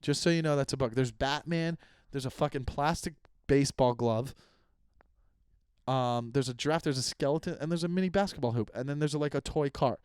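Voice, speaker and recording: A man's voice: mid-range voice, fairly quick, a little mellow, clear, resonant tone, no room sound, clean studio sound. A young man hosting his own podcast, chatting casually and rambling, swearing as he vents about his listeners. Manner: rambling, profane, venting. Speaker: podcast host. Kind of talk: casual solo podcast chat. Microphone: close podcast microphone.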